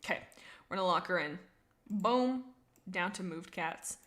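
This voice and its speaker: A woman's voice: fairly low pitch, a little slow, fairly bright tone. Bubbly, giggly young woman streamer. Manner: bubbly, giggly and rambling, with many restarts and laughs. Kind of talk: casual livestream chat, reading out viewer comments.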